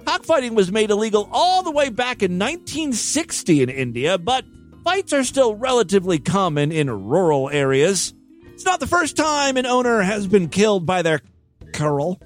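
A man hosting a comedy podcast, reading odd news stories aloud and breaking in with wisecracking, mock-outraged asides. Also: high voice. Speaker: podcast host. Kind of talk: comic news commentary.

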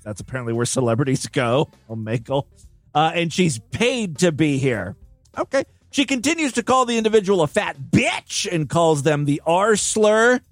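A man's voice: a little high, lively intonation, normal speed, no room sound, faint music behind. A man giving sarcastic, incredulous commentary on a video clip. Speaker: commentary host. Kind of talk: reaction commentary.

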